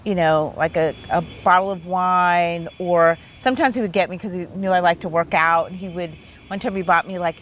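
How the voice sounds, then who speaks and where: A woman in her fifties, a therapist hosting, telling a personal story in a relaxed, animated chat. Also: fairly low pitch, moderate pace, hardly any pauses, slight background noise. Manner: chatty, animated storyteller with many "like"s. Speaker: therapist and host.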